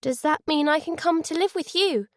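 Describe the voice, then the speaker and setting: A woman's voice: high voice, normal speed, dry recording, pitched above the performer's own voice, natural voice. A woman voicing a young girl with a small, nervous voice, pleading and close to tears. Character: young girl, nervous and hopeful, missing her father.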